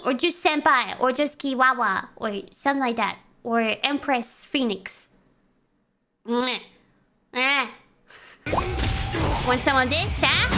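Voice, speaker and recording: A young woman streamer chatting casually, excitable and teasing, breaking into squeals and laughs. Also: high-pitched, takes it slowly, pauses often. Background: background music.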